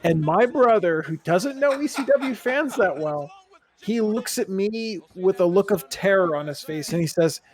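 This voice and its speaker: A man's voice: high-pitched, animated, moderate pace. A man co-hosting a podcast, telling stories in casual chat. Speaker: podcast co-host.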